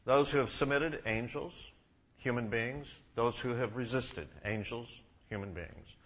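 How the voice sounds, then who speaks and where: Bright-voiced preacher man, lo-fi. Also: mid-range voice, unhurried, slightly rough. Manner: asks the congregation questions, rises and drops in volume. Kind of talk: sermon.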